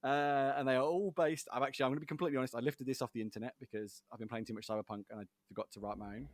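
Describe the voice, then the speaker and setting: A male podcast host runs a casual quiz, chatty, rambling and quick to giggle. His voice sits in a middle pitch, recorded dry and close with no room sound. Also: steady tone, no echo.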